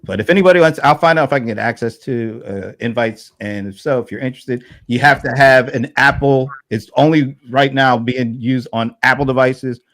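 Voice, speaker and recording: A man hosting a casual panel chat, relaxed and rambling, with fillers and restarts. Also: medium pitch, a little fast, few pauses. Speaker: host.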